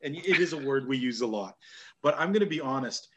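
A man's voice: medium pitch, expressive, a little fast, lo-fi sound. A man with a Canadian accent hosting a casual wrestling podcast, joking, laughing often and grumbling about the shows. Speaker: podcast host. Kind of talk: casual chat.

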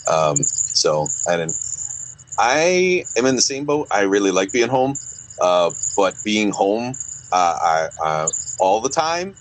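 A man hosts a relaxed podcast chat, his questions wandering and full of hesitant fillers. His voice sits very low in pitch. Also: slow, poor audio. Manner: rambling, hesitant, many fillers. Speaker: podcast host. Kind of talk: casual podcast interview.

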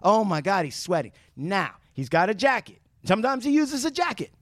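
A man hosting a casual podcast, telling a loose, joking story full of swearing. His voice sits high and swoops all over the place as he gets worked up. The sound is dry and close, with little room around it. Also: moderate pace, dry recording. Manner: animated, profane, joking storyteller. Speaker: podcast host.

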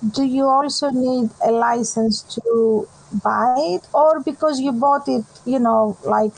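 A woman at a tabletop game, inquisitively checking the rules with the game master. Her voice is high and her questions come out slowly and tentatively. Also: darkish tone, poor audio. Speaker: player.

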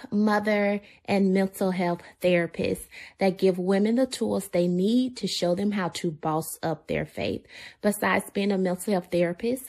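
A woman with a Memphis Southern accent, co-hosting a casual podcast, talking in a lively, playful way and laughing often. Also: medium pitch, no echo. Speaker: podcast co-host, therapist.

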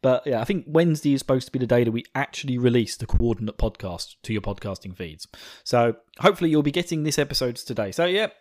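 A man's voice: medium pitch, expressive, quick pace, a little mellow. A young man from England with an Essex accent, hosting a podcast in casual, self-mocking chat and laughing often. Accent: Essex English. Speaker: podcast host.

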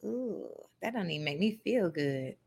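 A young adult woman hosting a live podcast, talking in an animated, conversational way and now and then reading passages aloud. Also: fairly low pitch, moderate pace, creaky, breathy edge. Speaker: podcast host.

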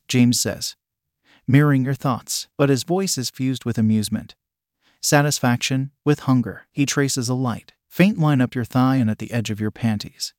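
A man's voice: medium pitch, moderate pace, no room sound, clean studio sound. Man narrating an intimate adult story. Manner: soft, intimate storytelling addressed to the listener. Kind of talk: second-person adult audio story narration.

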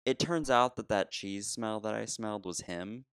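A man telling a long story in casual chat, animated, laughing often and restarting sentences. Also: on the low side, normal speed, clear, resonant tone, dry recording, clean studio sound. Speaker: podcast co-host telling a story.

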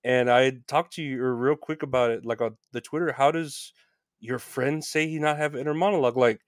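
A man's voice: medium pitch, fairly even intonation, a little fast, dry recording, clean studio sound. A man hosting a casual interview, rambling and restarting his questions, with casual swearing. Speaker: podcast host.

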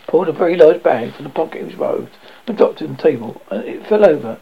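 Man reading a novel, halting with restarts, gravelly, husky, dull lo-fi audio. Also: a little high, expressive. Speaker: audiobook reader.

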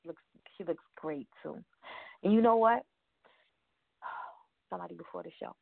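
Low gravelly woman hosting a show, rambly and chatty, sounds like a phone line. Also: moderate pace, no room sound. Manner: rambling, chatty, laughs often. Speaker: radio show host. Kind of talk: casual show chat reading birthdays. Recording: tinny phone-like line, dry.

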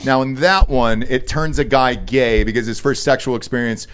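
A man's voice: medium pitch, normal speed, fairly bright tone, a little hiss or hum. A man hosting a podcast, joking crudely and reading sponsor ads in a brash, profane way. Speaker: podcast host. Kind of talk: crude casual chat and ad reads.

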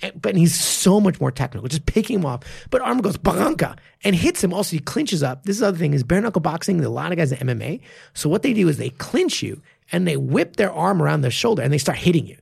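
A man's voice: a little high, gravelly, breathy edge, no room sound, clean studio sound. A man who coaches martial arts and co-hosts a podcast, talking casually and with animation, swearing freely. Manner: animated, swears freely, quick bursts of enthusiasm. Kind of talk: casual chat.

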